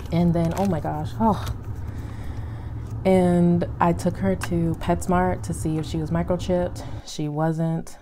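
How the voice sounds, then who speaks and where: Mellow-voiced woman chatting about her dog. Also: lowish voice, slight background noise. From Texas. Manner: chatty, emotional, drawn-out words. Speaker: plant vlogger. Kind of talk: casual chat to camera.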